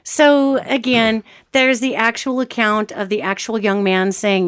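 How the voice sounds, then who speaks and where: A woman hosting a podcast, giving lively, chatty advice in a casual instructive way. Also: a little high, measured pace, clear, resonant tone, dry recording, clean studio sound. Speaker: podcast host.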